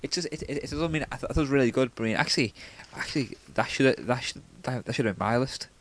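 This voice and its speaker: A man's voice: mid-range voice, rapid-fire, slight background noise. A man chatting casually about films, stammering and repeating words as he goes, with some swearing.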